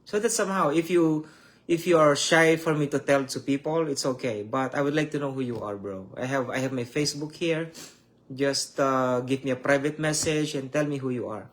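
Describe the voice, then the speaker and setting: A man preaching and praying online, emotional and repetitive, with halting restarts. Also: medium pitch. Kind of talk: online sermon with prayer.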